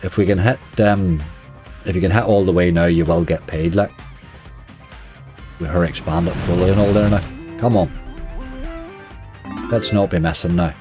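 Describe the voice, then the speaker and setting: A low-pitched Northern Irish man with a mellow, relaxed tone gives casual running commentary as a slots streamer. He chats to his viewers and grumbles whenever the game lets him down. Soft music plays faintly behind him. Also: normal speed, pauses often.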